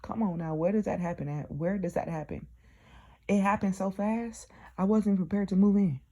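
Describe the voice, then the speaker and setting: A woman's voice: mid-range voice, steady tone, moderate pace, warm tone. A young woman telling her own story in a chatty way, talking straight to her listeners with lots of fillers. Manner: chatty, addresses listeners directly, many fillers. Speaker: diary vlogger. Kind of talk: casual personal storytelling.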